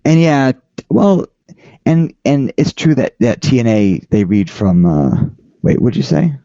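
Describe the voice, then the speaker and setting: A man with a low, mellow voice hosts a casual podcast chat. His pitch swings widely, and he keeps stopping and restarting his sentences. The audio is dry and dull, as if from a lo-fi setup. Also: big pitch swings, vocal fry, no echo. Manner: halting, rambling, frequent restarts. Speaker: podcast host.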